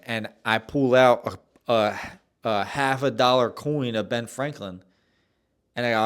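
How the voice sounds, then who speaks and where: A man's voice: mid-range voice, normal speed, fairly bright tone. A young man hosting a solo podcast, telling a rambling, self-deprecating story with many restarts. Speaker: podcast host.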